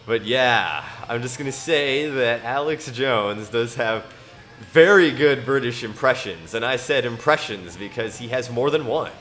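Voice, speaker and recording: A male streamer talks at an unhurried, slow pace, drifting between scripture reading and loose chatter to no one in particular. He rambles and chuckles often, with faint music playing behind him. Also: mid-range voice, lively intonation, fairly bright tone. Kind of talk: casual live-stream chat with scripture reading.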